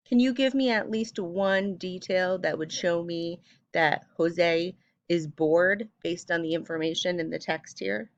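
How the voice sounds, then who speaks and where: A woman teacher talks her students through a reading lesson in a clear, patient voice that sits a little low. She reads short passages aloud with expression. The recording is dry and a bit dull. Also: a little slow, dry recording.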